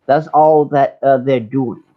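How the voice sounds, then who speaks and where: A man's voice: medium pitch, steady tone, slow, a crowd in the background. A man hosting a livestream, ranting in a heated, sarcastic way with frequent restarts. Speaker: livestream host. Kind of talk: casual ranting chat. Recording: dull lo-fi stream audio.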